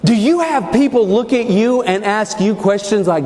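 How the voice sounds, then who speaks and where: A man's voice: sits high, moderate pace, a little mellow. A man from New Mexico, folksy and joking, telling stories in a humorous speech, recorded in a large echoey hall. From New Mexico, USA. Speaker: keynote speaker. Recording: echoey hall with faint background noise.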